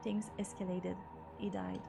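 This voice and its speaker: A woman voicing a menacing, mocking woman stranger with a raspy, put-on French accent. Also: lowish voice, very animated, unhurried, noisy background, heavily acted.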